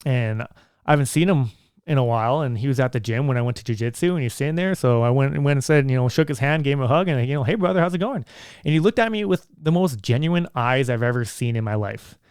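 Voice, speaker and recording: A man's voice: mid-range voice, animated, fast talker, darkish tone, smooth, dry recording, studio quality. A man hosting his own podcast, talking in a casual, earnest and rambling way. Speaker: podcast host.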